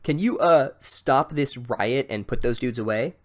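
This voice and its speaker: A man voicing a brash male 1930s gangster-style celebrity teacher, loud, with a clipped tough-guy cadence. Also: medium pitch, a little slow, natural voice.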